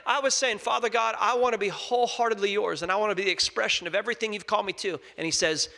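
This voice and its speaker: A young man preaching a sermon, earnest, moving between loud emphasis and soft scripture reading. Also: sits high, fast, gravelly, hardly any pauses. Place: church sanctuary. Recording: long reverb of a large hall.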